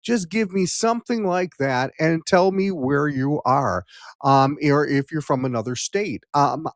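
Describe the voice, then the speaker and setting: A man's voice: fairly high pitch, no room sound, studio quality. A man hosting a live-streamed talk show, joking with the audience in a playful, showy way with lots of fillers. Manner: jokey, showman energy, many fillers.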